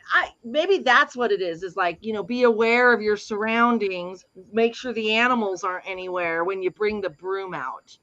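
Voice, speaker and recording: A woman's voice: on the high side, pushed and bright, no echo, highs cut off. A woman co-hosting a casual chat, bubbly and chatty, with frequent giggles. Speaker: co-host.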